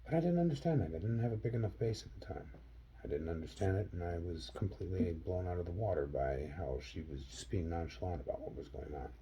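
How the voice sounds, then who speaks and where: Brief: low, mellow-voiced man from Wisconsin, earnest personal storytelling, dull lo-fi sound. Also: expressive, quick pace, a little hiss or hum. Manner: earnest, acts out dialogue with sharp rises in pitch. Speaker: vlogger.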